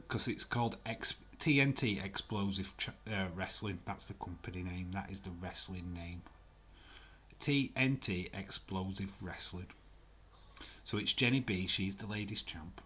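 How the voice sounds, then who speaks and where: A man's voice: low-pitched, fairly bright tone, breathy edge. A man hosting a live stream, chatting casually in a rambling way, swearing freely and reading viewer comments aloud. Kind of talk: casual watch-along chat.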